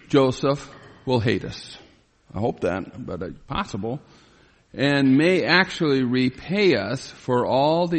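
Gravelly preacher in a reverberant hall. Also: male voice, mid-range voice. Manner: reads scripture aloud and pauses to explain, grows pleading when voicing Joseph. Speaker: pastor. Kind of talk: expository Bible sermon.

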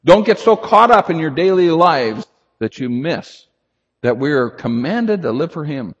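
A man's voice: on the high side, very animated, unhurried, husky. Emphatic older male preacher in a hall. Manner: earnest, emphatic, shifts to loud urgent pleading. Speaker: pastor. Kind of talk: expository sermon. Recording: echoey hall, dull lo-fi sound.

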